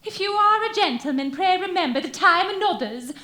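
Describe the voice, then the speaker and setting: A woman's voice: very high-pitched, lively intonation, brisk, bright, forceful tone, full character voice. A woman playing an earnest young milkmaid torn between duty and love, acting melodramatically on stage. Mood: melodramatic. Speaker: stage actor. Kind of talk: amateur stage musical acting. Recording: echoey theater stage.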